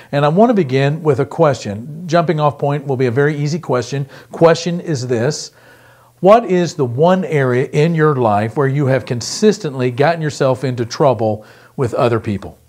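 A middle-aged man delivers a pre-recorded sermon with a voice pitched a little above most men's. He is earnest and emphatic and often slows to repeat a key phrase. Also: darkish tone. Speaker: pastor.

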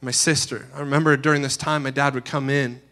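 A man preaching a sermon, telling a personal story earnestly, dropping to a hush and rising again. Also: medium pitch, flat delivery, fast talker. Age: adult. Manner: earnest storytelling, swings from hushed to loud. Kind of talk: sermon testimony.

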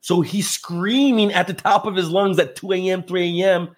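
A man telling a story as a podcast guest, acting out the people in it with lively jumps in his voice. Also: normal speed. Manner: animated, acts out quotes with big pitch jumps. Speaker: podcast guest, real estate investor. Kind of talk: casual storytelling in conversation.

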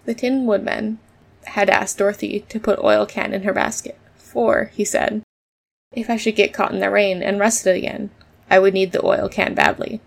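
Female storybook narrator, steady delivery with a creaky edge. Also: medium pitch, moderate pace. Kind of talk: storybook reading.

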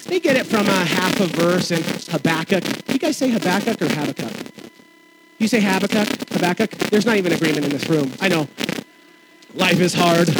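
A man pastor preaching a sermon to a congregation in a conversational, animated way, with asides and jokes. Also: high-pitched, very noisy. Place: church sanctuary with congregation.

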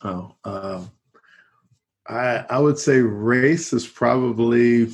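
A man's voice: mid-range voice, slow pace, darkish tone, slightly rough. A middle-aged man, a college teacher, talking as a guest in an easygoing, rambling interview. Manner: rambling, peppered with "you know, and so on". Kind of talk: conversational interview.

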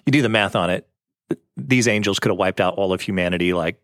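A man's voice: low-pitched, fast talker, fairly bright tone, dry recording, studio quality. A young adult man hosting a casual faith conversation, earnest and affirming. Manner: earnest, affirming, tells stories with acted quotes.

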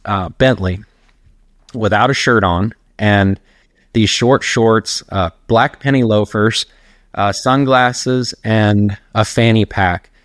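A middle-aged man, a personal trainer by trade, takes his time in a fairly low voice as he tells long, meandering stories during a casual interview. He laughs while recounting them. The studio recording is clean, with no echo.

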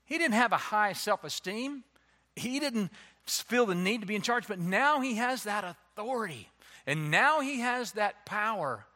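A man preaching a sermon as a pastor, animated and slipping into playful voices to act out excuses. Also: high-pitched, a little slow. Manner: animated, acts out quoted excuses in changing voices.

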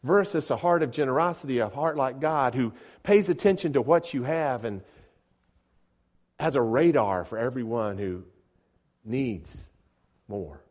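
A middle-aged man preaching a sermon, often repeating words as he starts sentences and moving between soft asides and loud emphatic peaks. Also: mid-range voice, animated, measured pace, long pauses. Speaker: pastor.

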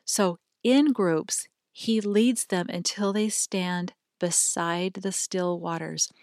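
A woman reading as a gentle Syrian shepherd man. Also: on the low side, fairly even intonation, slow, dry recording, studio quality. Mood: tender.

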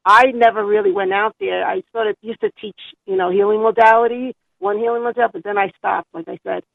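An older woman with a New York accent calls in to a show and talks in a halting, rambling way. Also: medium pitch, vocal fry, no room sound. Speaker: caller. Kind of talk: phone-in call. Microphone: telephone. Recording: tinny phone line.

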